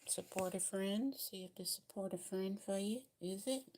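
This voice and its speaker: A woman's voice: medium pitch, normal speed, a little mellow, a little hiss or hum. A woman with a Southern US accent giving a casual tarot card reading, chatty and encouraging, repeating her advice in a colloquial way. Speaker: tarot reader.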